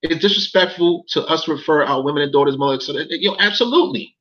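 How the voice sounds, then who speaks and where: A man's voice: fairly high pitch, quick pace, fairly bright tone, dull audio. A man, ranting in a casual livestream, talking straight to his chat, repeating himself and swearing as he gets worked up. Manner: heated, profane, repeats phrases, talks to chat. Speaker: livestream commentator.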